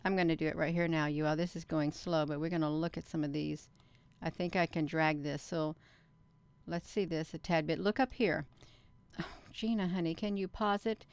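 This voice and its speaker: A woman's voice: low voice, fairly even intonation, moderate pace, clear, resonant tone, dry recording. A woman hosting a casual livestream, chatting to her viewers and often talking to herself as she works. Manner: chatty, often addresses viewers as "you all", talks to herself. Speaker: livestream host.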